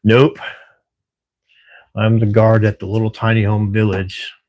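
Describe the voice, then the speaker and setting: Middle-aged male streamer, low-ish voice, relaxed and chatty, quick to laugh, casual swearing. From Washington State, US. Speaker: livestream host. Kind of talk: casual live-stream chat with viewers. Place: at work at night.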